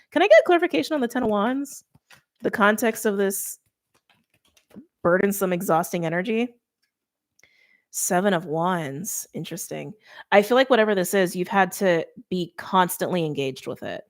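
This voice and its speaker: A woman giving a casual tarot reading straight to her viewers, chatty and informal, with quick laughs and lots of "like". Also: medium pitch. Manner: talks straight to viewers by sign. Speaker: tarot reader.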